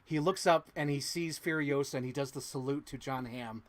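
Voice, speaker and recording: A man hosting a podcast, excitedly retelling a movie plot to his co-host, swearing often and humming sound effects. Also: medium pitch, moderate pace, no echo. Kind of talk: animated movie recap to a co-host.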